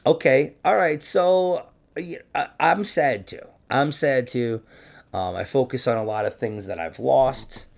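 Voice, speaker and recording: A man's voice: mid-range voice, unhurried, vocal fry. A man co-hosting a podcast, joking around with constant laughter and swearing. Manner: joking, profane, laughs often. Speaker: podcast co-host. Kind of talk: casual podcast banter.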